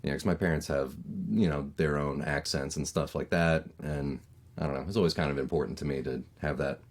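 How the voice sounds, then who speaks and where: A man in his thirties from Maryland with a neutral American accent, chatting casually as a voice actor guest on a podcast, with lots of fillers and lively storytelling. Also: a bass voice, fairly quick. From Maryland, USA. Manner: chatty, lots of fillers, animated when telling stories.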